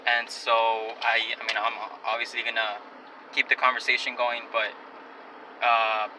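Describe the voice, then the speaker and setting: A man's voice: mid-range voice, completely flat delivery, a little slow, bright, forceful tone. A young man vlogging while driving, rambling in a self-conscious, casual way with many restarts. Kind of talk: casual vlog rant. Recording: distant car-interior phone audio with road noise. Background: car and traffic noise.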